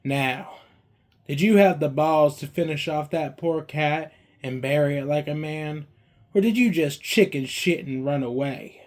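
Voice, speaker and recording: A man voicing a stern, quick-tempered small-town sheriff father who talks in clipped, hard phrases. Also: a little high, natural voice. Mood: calm menace. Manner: clipped and hard, flaring into yelling.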